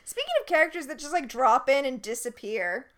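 A woman from Florida co-hosting a casual TV recap podcast, amused and animated. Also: high voice, brisk. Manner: animated, amused, laughs often. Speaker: podcast co-host.

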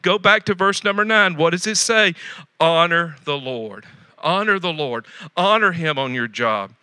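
Male pastor, folksy sermon delivery with repeated emphatic phrases; high, very bright tone, dry recording. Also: expressive, a little slow, no echo. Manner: swings from loud exhortation to quiet asides.

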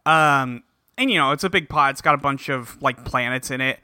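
A man's voice: medium pitch, fairly quick, pushed and bright, dry recording, studio quality. A man co-hosting a podcast, recapping an episode casually, with lots of fillers and laughs. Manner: laughing, filler-heavy storytelling. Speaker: podcast co-host.

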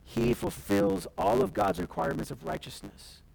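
Impassioned pastor with a high, gravelly voice. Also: male voice, moderate pace, poor audio. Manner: impassioned, acts out quoted voices, swings from loud to hushed. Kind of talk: sermon. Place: church.

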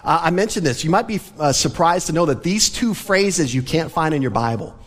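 A man's voice: a little high, lively intonation, a little fast, fairly bright tone, big-room sound. A man preaching a sermon as pastor, from the American South, speaking earnestly and conversationally with light laughs. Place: church sanctuary.

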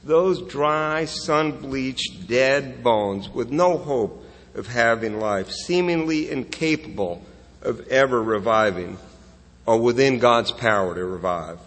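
A man's voice: mid-range voice, animated, slow, fairly bright tone. A man pastor delivering a sermon in an earnest, conversational way, asking rhetorical questions and restarting phrases as he goes. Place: church sanctuary. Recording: long reverb of a church hall.

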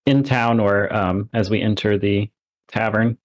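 A man's voice: fairly low pitch, steady tone, unhurried, dry recording. A man playing in a tabletop game, easygoing and polite as he speaks for his character. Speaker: player. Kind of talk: tabletop role-play.

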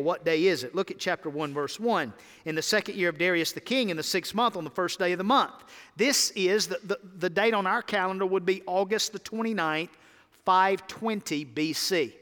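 Preaching briskly in a church sanctuary that feels like a large hall, a male pastor draws his congregation into call-and-response. His delivery rises to emphatic peaks and then drops to quiet, low lines.

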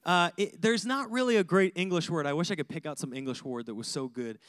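A male pastor delivering a lively sermon that moves from chatty asides and laughter to punchy, repeated lists. His voice sits high for a man, and the sound is dry and close, with almost no room echo. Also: quick pace. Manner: animated, conversational preaching with laughs and repeated lists.

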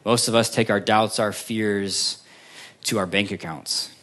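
Man preaching a sermon, dropping to quiet. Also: lowish voice, fairly even intonation. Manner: preaching with strong rises and falls, long pauses, drops to near quiet at line ends; asks the congregation questions and answers them. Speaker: pastor.

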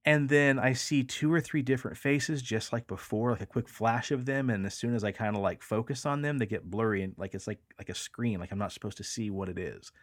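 A man's voice: medium pitch, brisk, hardly any pauses, dry recording, clean studio sound. A man hosting a podcast, telling a story in a casual, rambling way, with lots of fillers and the odd swear word. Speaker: podcast host.

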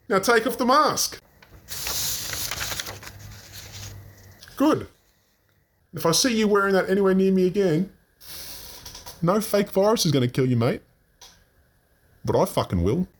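A man's voice: sits high, fairly bright tone. A man doing a foul-mouthed Aussie crook uncle. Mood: menacing. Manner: gruff, swearing, threatening. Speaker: comedy podcast sketch character.

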